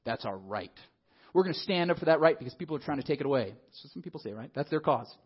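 A man preaching a sermon in a lively, conversational way, often asking the congregation questions. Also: on the high side, fast, slightly rough, lo-fi sound. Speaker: pastor.

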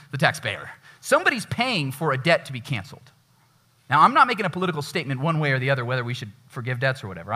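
Male pastor preaching in church; slightly high, husky voice, chatty delivery with acted-out asides. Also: bright, forceful tone. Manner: conversational, acts out quoted voices. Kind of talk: sermon.

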